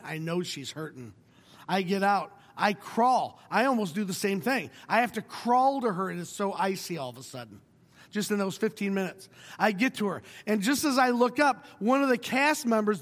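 A middle-aged male pastor preaching a sermon, telling a personal story with wry humor and moving between hushed and emphatic delivery. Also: high voice, in a large hall.

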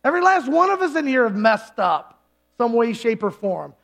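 Pastor, male, very high-pitched, conversational sermon delivery in church. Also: sing-song, normal speed, gravelly, a bit bright. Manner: conversational preaching, acts out quoted voices. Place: church service.

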